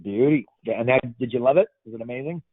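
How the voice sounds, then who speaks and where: A man's voice: medium pitch, quick pace, breathy edge, no echo. Jokey man on a tinny line. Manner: jokey, playful, rambling. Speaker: host. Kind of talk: casual Q&A call. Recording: tinny phone-like line, dry.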